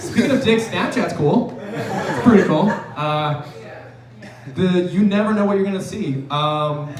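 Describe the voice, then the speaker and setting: A young man with a high voice works through a rambling, profane stand-up set on a bar stage. He is caught from far off by the camera, so the room's echo comes through along with the noise of the audience. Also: unhurried. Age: 20s. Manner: loose, rambling, profane delivery. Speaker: stand-up comedian. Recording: roomy, distant bar recording with crowd.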